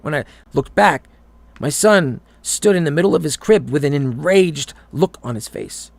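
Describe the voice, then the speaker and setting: A man's voice: fairly high pitch, lively intonation, normal speed, vocal fry, dry recording. A man reading a horror story aloud, often stumbling and repeating words.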